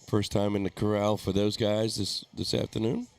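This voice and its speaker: A man's voice: fairly low pitch, flat delivery, normal speed, darkish tone, clean tone. A man giving easygoing, chatty live play-by-play commentary at a darts tournament. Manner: easygoing, chatty, laughs easily.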